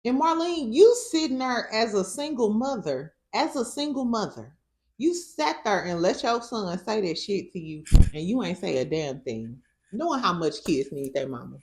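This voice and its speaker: A woman with a St. hosts a casual reaction recap of a reality show, sassy, profane, and laughing often. Her medium-pitched voice moves at a normal speed with big pitch swings.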